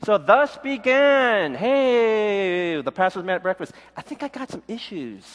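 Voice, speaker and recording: A man's voice: sits high, very animated, measured pace, in a large hall. A middle-aged male pastor giving a sermon with a candid personal testimony, acting out the voices of people he quotes. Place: church.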